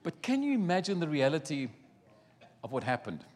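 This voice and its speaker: Animated male preacher in a reverberant hall. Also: fairly high pitch, moderate pace. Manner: animated storytelling, acting out scripture scenes. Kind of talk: sermon.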